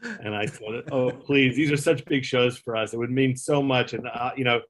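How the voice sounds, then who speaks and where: Speaking at normal speed in a medium-pitched, fairly bright voice, this middle-aged former talk show producer recounts a story during a casual interview. Along the way he mimics the people he quotes and leans heavily on fillers and curse words.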